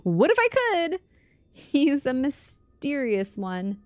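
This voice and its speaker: Brief: young woman streamer, casual gaming chat, giggles often, slightly high, close mic. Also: big pitch swings, slow pace, clear, resonant tone, no room sound. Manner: giggly, chatty, reacting to chat.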